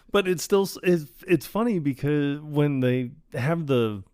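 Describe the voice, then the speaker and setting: This podcast co-host is a man with a higher-leaning, mellow voice, clear and resonant, with lively intonation and an unhurried delivery. He chats casually about a film, laughing often as he retells scenes, in clean studio sound with no room echo.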